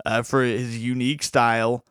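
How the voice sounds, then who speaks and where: A man's voice: mid-range voice, flat delivery, normal speed, fairly bright tone, smooth, dry recording, clean studio sound. A man co-hosting a podcast, talking casually and enthusiastically, rambling with frequent restarts. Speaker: podcast co-host.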